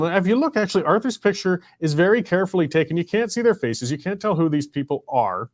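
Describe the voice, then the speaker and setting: Canadian male talk host, slightly high voice, conversational, heats up when arguing; dry close sound. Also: lively intonation, quick pace, hardly any pauses, dry recording. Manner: conversational, heated and rising in pitch when arguing. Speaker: show host. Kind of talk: opinionated talk show monologue.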